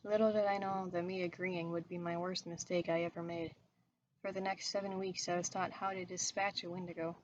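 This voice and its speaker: A woman narrating a horror story in a steady, even reading voice. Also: fairly low pitch, fairly quick, highs cut off, slight background noise. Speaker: story reader.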